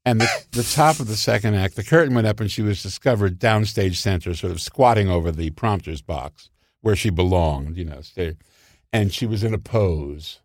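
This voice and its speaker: An older man, a comedy writer, telling show-business anecdotes in casual conversation and jumping into high voices when he quotes people. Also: normal speed, no echo, clean studio sound.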